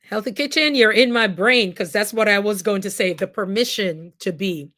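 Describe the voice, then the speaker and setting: A woman, a nurse and coach, hosting a casual live stream and talking straight to her viewers with lively, frequent laughter. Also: medium pitch, moderate pace. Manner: animated, laughs often, speaks straight to viewers. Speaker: host. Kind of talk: casual livestream talk to viewers. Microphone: computer mic on a live stream.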